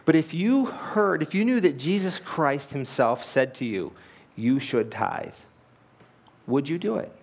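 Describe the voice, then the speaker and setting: A man's voice: a little high, animated, normal speed, hardly any pauses. A man preaching a sermon, earnest and emphatic, asking rhetorical questions and telling anecdotes. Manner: tells anecdotes with light laughs. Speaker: pastor.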